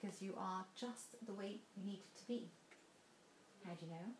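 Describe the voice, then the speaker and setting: Animated woman speaker in an echoey hall. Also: medium pitch, moderate pace, slight background noise. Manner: animated storytelling, laughs often, direct questions to listeners. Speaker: motivational speaker. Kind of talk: motivational talk to a live audience.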